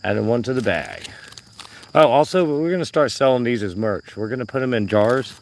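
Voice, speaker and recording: A man chatting to his viewers on a live vlog while walking a trail, his voice hoarse from yelling. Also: medium pitch, animated, moderate pace, slight background noise. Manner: chatty, talks to himself and viewers. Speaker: vlogger. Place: outdoor nature trail.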